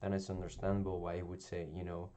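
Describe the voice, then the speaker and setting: A man with a deep, dark voice talks through a television episode in a casual review. His delivery stays fairly flat, and he stops and restarts often, filling the gaps with ums. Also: fast talker. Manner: hesitant, many ums and restarts. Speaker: video reviewer.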